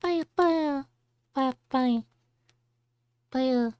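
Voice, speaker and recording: A woman voicing a tiny cute round pink creature that babbles in a squeaky, very high voice. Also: very slow, darkish tone, clear, resonant tone, no echo, clean studio sound. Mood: cheerful babbling.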